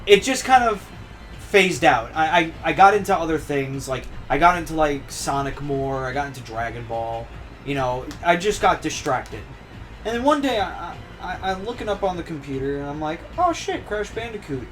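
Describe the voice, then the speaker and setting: A young man in casual chat, relaxed, with stammering restarts and casual swearing. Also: a little high, normal speed, soft background music. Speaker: podcast co-host.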